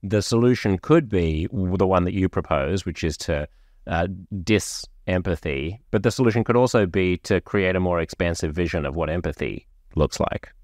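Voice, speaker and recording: Deep-voiced man hosting a podcast interview. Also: moderate pace, darkish tone, no room sound, clean studio sound. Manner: probing, thinks aloud in long questions. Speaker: podcast host. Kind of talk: conversational interview.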